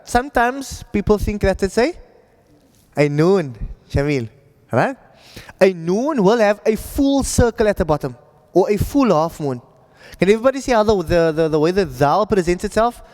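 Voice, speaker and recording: Teacher, male, patient, keeps checking the class follows; high-pitched, room echo. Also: a little mellow. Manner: patient, checks in with students often. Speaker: Arabic reading teacher. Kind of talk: classroom lesson.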